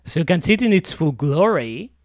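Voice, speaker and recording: Low-voiced, lively woman streamer. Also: brisk. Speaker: VTuber streamer. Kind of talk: casual chat. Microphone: studio microphone.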